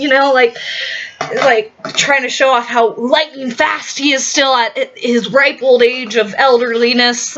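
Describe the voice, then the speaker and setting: High bright-voiced lady ranting and swearing in a vlog, stumbles and restarts a lot, muffled lo-fi audio. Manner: profane, blunt, fast with many restarts.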